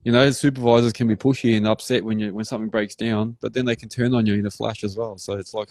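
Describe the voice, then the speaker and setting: An Australian man hosting a live show, rambling through animated work stories in casual chat. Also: lowish voice, quick pace, few pauses, dry recording. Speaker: host.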